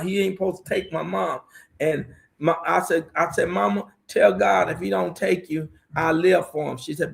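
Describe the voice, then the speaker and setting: Middle-aged male pastor, very gravelly, raised pitch, emotional preaching testimony. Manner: preaching storyteller, repeats "watch this here". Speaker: pastor guest.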